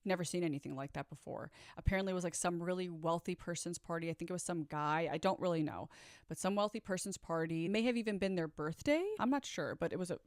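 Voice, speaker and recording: A woman's voice: lowish voice, fast, no room sound, studio quality. A woman telling her own story in a candid, chatty storytime monologue, swearing now and then and talking straight to her viewers.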